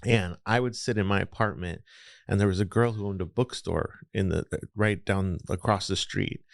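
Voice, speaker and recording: In a dry, studio-quality recording, a man with a deep, creaky voice speaks at normal speed. He's from the Los Angeles area and shares his story as a podcast guest, rambling and reflective in a casual interview.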